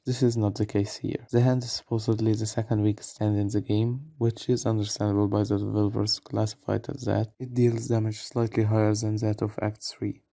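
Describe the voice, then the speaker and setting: A man's voice: lowish voice, dark tone, no room sound. A man giving game tier-list commentary in a casual, self-deprecating way, with apologetic asides. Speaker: gaming video creator.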